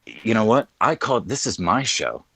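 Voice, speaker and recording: A man's voice: on the low side, big pitch swings, normal speed, pushed and bright, breathy edge, dry recording. A man co-hosting a live online podcast in crude, joking, rambling banter. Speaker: podcast co-host. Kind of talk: casual live-stream banter.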